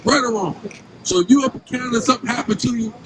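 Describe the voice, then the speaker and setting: A man's voice: extremely high pitch, quick pace. A man preaching outdoors on a city street, questioning passersby and repeatedly asking "right?". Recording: street noise and traffic.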